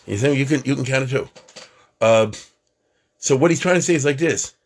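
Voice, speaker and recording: A man's voice: medium pitch, fairly quick, a little hiss or hum. A man teaching a conversational religious class, chatting, checking in with his listeners and counting items aloud.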